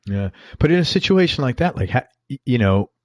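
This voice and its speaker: A man's voice: mid-range voice, sing-song, fairly quick, dry recording, studio quality. A man hosting a casual interview podcast, introducing his guest with jokey, self-mocking asides. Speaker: podcast host.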